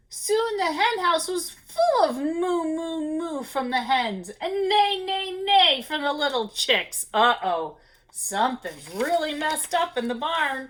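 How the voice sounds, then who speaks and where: A woman reading a children's picture book aloud at story time, expressive, with gasps and little asides to the children. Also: sits high.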